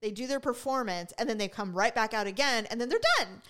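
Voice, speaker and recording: A middle-aged woman with a fairly high-pitched voice co-hosts a podcast, telling stories quickly in casual chat. She's an animated narrator who acts out dialogue and laughs a lot.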